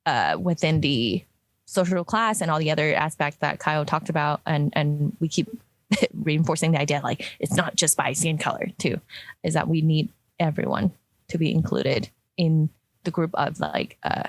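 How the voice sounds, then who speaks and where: Low-voiced woman chatting casually. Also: normal speed, no room sound. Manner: chatty, many fillers and restarts. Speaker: product designer. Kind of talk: casual conversational discussion.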